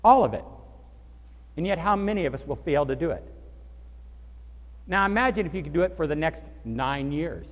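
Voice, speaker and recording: A male pastor delivering a sermon, addressing the congregation with animated rhetorical questions. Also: on the high side, normal speed, long pauses, long reverb tail.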